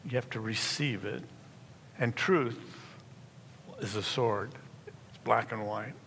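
A man preaching a sermon in earnest, stressing key words slowly and emphatically. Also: mid-range voice, gravelly, fairly bright tone. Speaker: pastor. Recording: reverberant hall, faint room noise.

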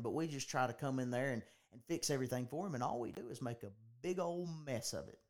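A man hosting a podcast, talking in an earnest preaching style, often restarting and repeating his phrases. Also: medium pitch. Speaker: podcast host.

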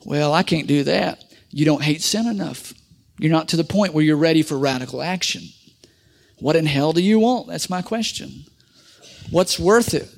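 A middle-aged male pastor preaching a sermon, calling on the congregation for amens and swinging between loud pushes and quiet asides. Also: high voice.

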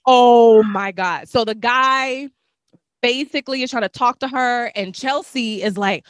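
Animated young woman telling a story. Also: on the high side, a little slow, dry recording, studio quality. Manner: animated, acts out voices in her stories. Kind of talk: casual storytelling chat.

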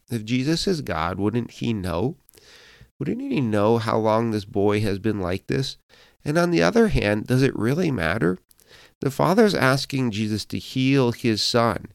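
A man's voice: lowish voice, creaky, clear, resonant tone, no echo, clean studio sound. A man pastor giving a devotional podcast sermon, earnest and personal, with fillers and restarts, telling a Bible story in quoted voices.

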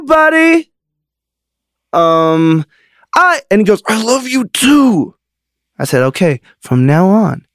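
A middle-aged man with a fairly high voice tells a personal story on his podcast, lively and quick to laugh. The sound is dry and close, with no room around it. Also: dry recording. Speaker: podcast host.

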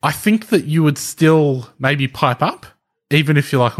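A man's voice: fairly high pitch, lively intonation, unhurried. A man co-hosting a podcast, casually explaining a story to his co-host while thinking aloud, restarting sentences and laughing lightly. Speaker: podcast co-host presenting the research.

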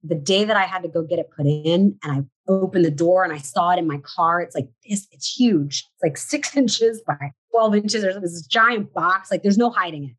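A woman's voice: fairly low pitch, moderate pace, few pauses, poor audio. A woman in her forties, a podcast guest, candidly telling her story and acting out her past thoughts in quotes. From United States. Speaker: podcast guest, shop owner.

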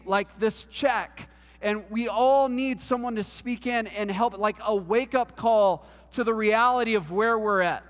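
Earnest male pastor, high voice, hall reverb. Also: a bit bright. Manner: earnest, repeats words, many "like" fillers. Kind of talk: sermon. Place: church.

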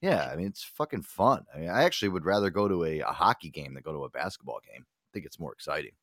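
Casting: low-voiced young male host, very expressive pitch, dry close-mic sound, swears a lot. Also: quick pace, dry recording. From Connecticut. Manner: animated, swears a lot, acts out other voices. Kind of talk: casual chat.

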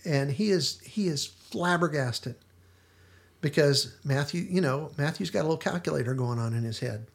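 A man's voice: on the high side, moderate pace, creaky. A male podcast host casually discussing a TV episode, retelling its scenes with lots of restarts and fillers.

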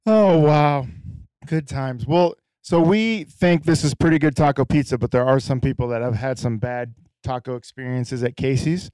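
A man hosting a casual podcast, relaxed and leading the segments. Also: medium pitch, normal speed, dry recording. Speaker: podcast host. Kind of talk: casual chat.

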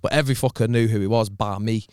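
A man's voice: fairly low pitch, steady tone, fast talker, darkish tone, clear, resonant tone, no echo, clean studio sound. A young man, a doorman swearing freely as he tells a story in casual chat. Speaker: doorman telling stories.

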